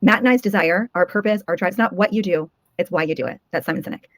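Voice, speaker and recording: A woman's voice: on the low side, fast talker, no room sound. A woman co-hosting a fitness summit, giving emphatic, emotional encouragement to viewers. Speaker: co-host and summit organizer. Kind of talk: motivational talk.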